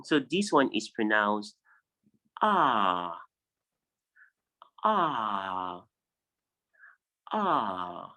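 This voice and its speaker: A man's voice: on the low side, fairly bright tone, poor audio. A man teaching an online class, reading out word lists and stressing and repeating each pronunciation. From Nigeria. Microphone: video call.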